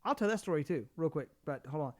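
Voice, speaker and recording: A man's voice: on the high side, lively intonation, fast talker. A man co-hosting a podcast, telling stories in a rambling, casual way, acting out what other people said, with many fillers and restarts. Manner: rambling storyteller, acts out quoted people, lots of fillers and restarts. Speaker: podcast co-host. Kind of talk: casual chat.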